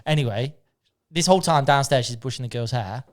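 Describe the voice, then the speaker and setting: A man co-hosting a podcast tells stories in casual chat, acting out the lines people said and laughing often. He is an animated storyteller whose mid-range voice runs fairly quick.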